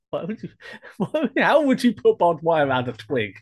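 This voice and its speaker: A man's voice: a little high, sing-song, a little slow, husky. A man co-hosting a podcast in casual banter, teasing his partner and laughing often. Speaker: podcast co-host.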